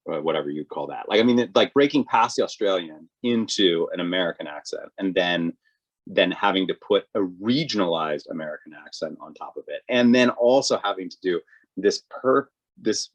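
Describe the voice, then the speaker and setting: A man with a very low, husky voice talks casually as a podcast co-host. He picks his words with care and sounds thoughtful and analytical. The mic sounds dull and lo-fi. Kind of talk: casual chat.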